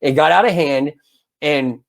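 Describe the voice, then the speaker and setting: A man in his fifties casually telling a long anecdote as a podcast co-host, animated and full of restarts. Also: a little high, measured pace, gravelly. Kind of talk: casual storytelling chat.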